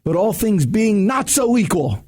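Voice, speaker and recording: A middle-aged man speaks with a high voice in a casual radio studio chat. He gives sales advice in energetic, emphatic bursts, often restarting his sentences as he tells stories. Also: a little slow. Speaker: sales coach guest.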